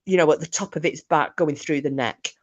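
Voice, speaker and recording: A woman's voice: low voice, brisk, muffled recording. A woman voicing a defensive rifleman who insists on what he did. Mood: insistent. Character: stubborn British rifleman keeping watch.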